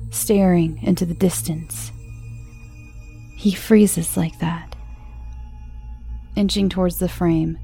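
A woman narrating a first-person horror story in a hushed, tense storytelling manner. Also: lowish voice, vocal fry, husky. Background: music.

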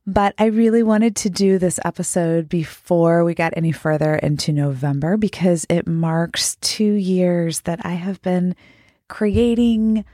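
A woman's voice: fairly low pitch, mellow, no echo, clean studio sound. A woman hosting her own podcast, talking earnestly and heartfelt while congested with a cold. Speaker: podcast host. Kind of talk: solo podcast talk.

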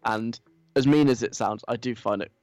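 Wry radio host. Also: male voice, medium pitch, normal speed, a little mellow, no room sound. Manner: wry, mocking, chatty. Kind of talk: casual comic radio monologue.

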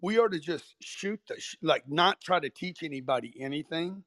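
A man's voice: fairly high pitch, expressive, normal speed, a bit bright, no echo. Brash, blunt-talking man. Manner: brash, blunt, swears freely. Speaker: guest. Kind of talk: casual chat in an online audio room. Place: online audio room.

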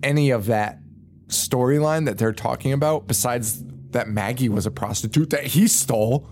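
A man's voice: mid-range voice, normal speed, a little mellow, soft background music. A man hosting a horror podcast, casually recapping a movie with frequent swearing and laughter. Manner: profane, laughing, rambling recaps.

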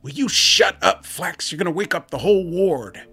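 A man voicing a grumpy, complaining male night-shift guard at an asylum, gruff and irritated. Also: lowish voice, a little fast, bright, forceful tone, soft background music, exaggerated voice. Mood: snapping.

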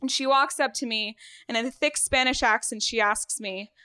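A woman's voice: fairly high pitch, moderate pace, clear, resonant tone. A woman in her twenties from Venezuela, raised in South Florida, telling a self-deprecating first-person story live on a theater stage. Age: 20s. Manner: lively and self-deprecating, laughs often.

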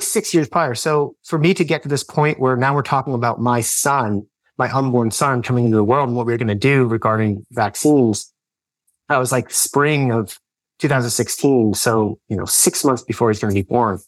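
A man's voice: medium pitch, no echo. A man in his thirties telling a personal story on a podcast, earnest and rambling, full of fillers and restarts. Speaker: podcast guest. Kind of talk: personal storytelling in casual chat.

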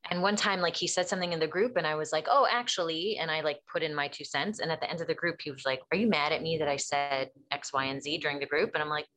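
A woman's voice: low-pitched, quick pace, hardly any pauses. A woman therapist explaining things in casual chat, acting out quoted dialogue as she tells stories. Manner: animated storyteller acting out quotes.

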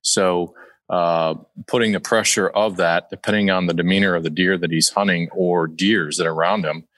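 Deep-voiced guest giving hunting advice. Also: male voice, steady tone, fairly bright tone, no room sound, low-quality recording. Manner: measured, lots of fillers. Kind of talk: casual podcast advice.

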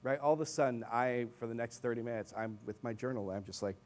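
Animated young male preacher telling a story. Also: mid-range voice, fast, few pauses. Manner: animated storytelling with asides to the congregation. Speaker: pastor. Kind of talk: sermon. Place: church in Chicago.

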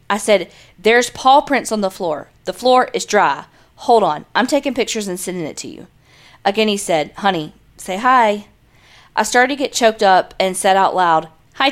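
A woman reads listener stories aloud on a podcast in a steady, earnest voice. She drops in dry, joking remarks between stories. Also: medium pitch. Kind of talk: reading listener emails aloud, casual chat.

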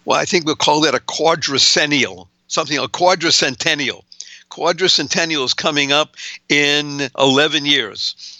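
Host, male, raised, upbeat and talkative, bright ringing tone, dry close studio sound. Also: a little high, steady tone, normal speed, dry recording. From Boston, USA. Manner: enthusiastic, chatty, laughs often. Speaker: radio show host. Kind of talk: upbeat radio talk.

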